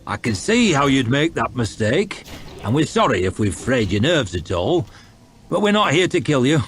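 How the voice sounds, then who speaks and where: Guy putting on a big old northman chief, rumbly and slow, voice all over the place. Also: very animated, natural voice. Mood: amused.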